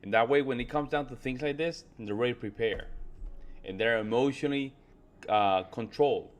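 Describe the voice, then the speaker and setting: A man co-hosting a reaction video, speaking in a relaxed, reflective way with casual slang. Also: medium pitch, a little fast.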